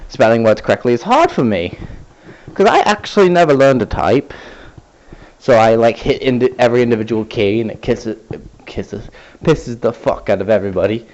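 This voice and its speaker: A man's voice: lowish voice, a little mellow, lo-fi sound. A man telling a rambling, sarcastic story to camera, swearing freely as he goes. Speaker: vlogger.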